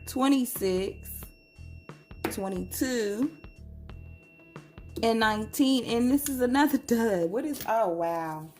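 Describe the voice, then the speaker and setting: A woman's voice: a little high, lively intonation, darkish tone, faint music behind. A woman chatting casually to viewers while scratching lottery tickets and reading numbers aloud. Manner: chatty, slow and drawn-out, reads numbers aloud.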